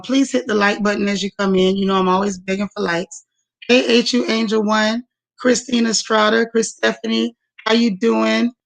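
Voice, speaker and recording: A woman with a slightly high, creaky voice hosts a casual livestream. Warm and chatty, she greets viewers by name and calls them sis and y'all.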